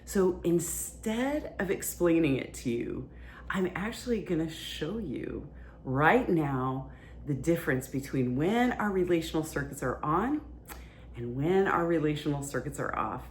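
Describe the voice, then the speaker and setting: Lady explaining relationship stuff on her podcast, low voice, chatty with some ums. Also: expressive, unhurried, slight background noise. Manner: conversational, explains plainly with fillers. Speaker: relationship teacher and podcast host. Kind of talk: casual teaching monologue.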